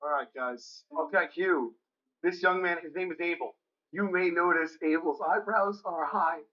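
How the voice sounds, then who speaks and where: A man in energetic prank show banter, laughing and giving directions, in slightly muffled TV audio. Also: fairly high pitch, moderate pace.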